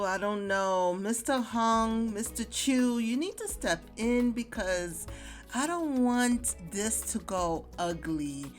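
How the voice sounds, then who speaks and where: A woman's voice: on the high side, animated, slow, soft background music. A woman hosting a let's play, chatty in casual commentary, speaking to her viewers. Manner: chatty, addresses viewers as guys.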